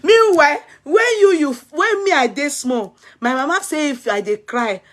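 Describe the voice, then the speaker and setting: Her voice sits high, with lively intonation and a normal speed. This Nigerian vlogger, whose accent carries a Yoruba tinge, recounts a funny childhood tale in Pidgin, frequently acting out crying and laughter.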